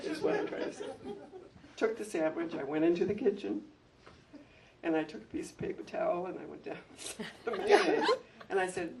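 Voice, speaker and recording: An aging man who once ran a school recounts his years there at a public event, his heartfelt stories turning lively when he acts out anecdotes. His delivery is brisk, his voice gravelly and a touch high. Recorded from a distance, there's a faint hum, light room noise, and a crowd audible behind him.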